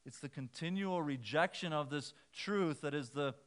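A man's voice: on the high side, normal speed, fairly bright tone. A man preaching a sermon in a conversational way, shifting his emphasis as he quotes scripture. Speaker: pastor.

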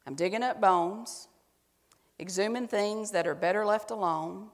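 A heartbroken country singer in a broad, exaggerated Southern twang, put on by a woman preacher. The lines come out loud and drawn out, with a long reverb trailing after them as in a big sanctuary. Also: medium pitch, a little slow, lightly acted. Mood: mournful drawl. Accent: exaggerated American Southern. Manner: spoken lyrics in a broad twang, louder than her usual talk.

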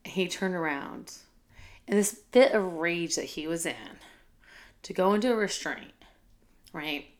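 A woman's voice: lowish voice, a little slow, long pauses. A woman who works as a school teacher and leader, telling a personal story in a candid, heartfelt way with many fillers.

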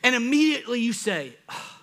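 Pastor, male, high bright voice, animated sermon delivery with acted-out asides. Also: fairly quick. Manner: animated, laughs at himself, acts out quoted thoughts.

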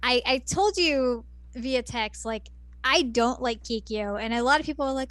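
A woman's voice: on the high side, normal speed, fairly bright tone, no echo. A woman co-hosting a casual chat, giving opinionated asides. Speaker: podcast co-host.

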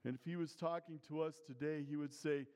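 A pastor delivering a sermon in a slightly high voice, speaking with earnest emphasis. His words carry a long reverb, as in a church sanctuary. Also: steady tone, brisk, darkish tone. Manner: earnest, emphatic preaching with rising intensity on key phrases.

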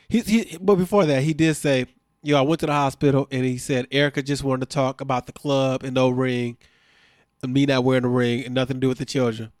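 A man's voice: mid-range voice, dry recording. Male co-host, casual and exasperated, dry close-miked recap chat. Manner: animated, exasperated, laughs often, slangy. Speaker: podcast co-host recapping a reality show.

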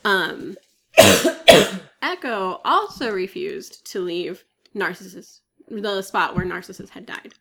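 Expressive and forceful, a woman with a bright, creaky, medium-pitched voice speaks at a slow pace. She co-hosts a podcast, casually retelling a myth in a chatty way full of fillers and frequent coughs.

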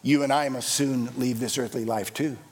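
A man's voice: mid-range voice, fairly even intonation, normal speed, husky, big-room sound. A man preaching a sermon as pastor, with an emphatic, repetitive cadence.

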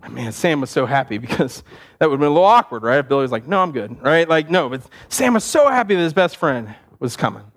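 A male pastor telling a story in a sermon, animated and conversational with easy laughs. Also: on the high side, fast talker.

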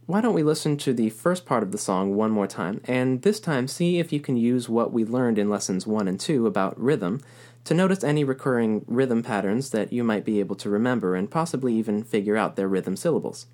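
A man's voice: medium pitch, expressive, fairly quick, a little mellow. A man teaching a recorded music lesson, explaining rhythm patiently and counting beats aloud.

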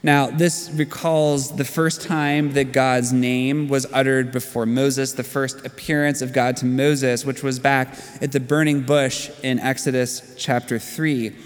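A man's voice: mid-range voice, level tone, a little slow, hardly any pauses. A man in his thirties preaching a sermon as pastor, earnest and conversational, telling stories to make his points. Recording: long hall reverb.

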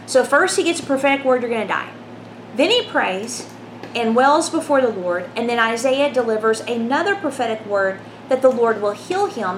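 A woman giving a conversational Bible teaching, reading scripture aloud and often checking in with her listeners with a quick "right?". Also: high-pitched, fairly bright tone. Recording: roomy echo, faint background hum.

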